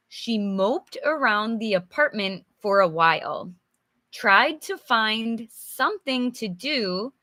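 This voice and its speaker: Bright-voiced, slow-paced woman teaching English. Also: mid-range voice, dry recording. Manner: chatty and encouraging, answers viewers' comments by name; acts out examples with sighs and groans. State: slightly losing her voice. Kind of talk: live English storybook lesson.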